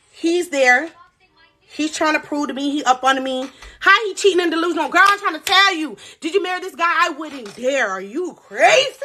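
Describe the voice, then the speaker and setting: A woman's voice: high voice, fairly bright tone. A young woman hosting a live stream, dramatically retelling a story and reading the chat aloud.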